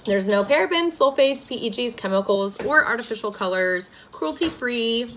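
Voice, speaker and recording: A woman's voice: medium pitch, animated, a little slow, a bit bright, a little hiss or hum. A woman hosting a casual skincare unboxing at home, gushing with enthusiasm as she talks through each product. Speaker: beauty vlogger and podcast host.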